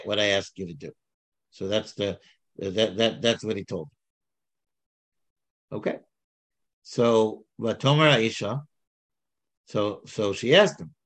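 A man of middle pitch leads a casual text study. He reads passages aloud, then explains them in loose, halting sentences full of restarts. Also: fairly bright tone. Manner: halting, with many restarts and fillers. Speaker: Torah teacher.

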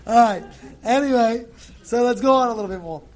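A man giving an informal Torah class to a group, animated and repetitive, swinging from quiet asides to shouted urging and scattering Hebrew blessings through his talk. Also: very high-pitched, a little fast. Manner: peppers speech with Hebrew blessings.

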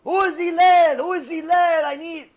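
A rude, brash hustler bellows his demands in a strained, very high voice, as a man acts him out in a story. He shouts at full volume and makes no effort at politeness. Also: normal speed, gravelly. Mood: shouting. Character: rude loud male hustler picking a fight.

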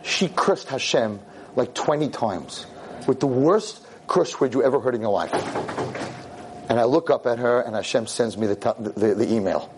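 A man's voice: moderate pace, a little mellow, a little hiss or hum. A middle-aged man, a rabbi, telling a story to a convention audience, acting out the dialogue and mixing in Yiddish and Hebrew words. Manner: acts out dialogue with big pitch jumps, sprinkles Yiddish and Hebrew words. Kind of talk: animated storytelling talk.

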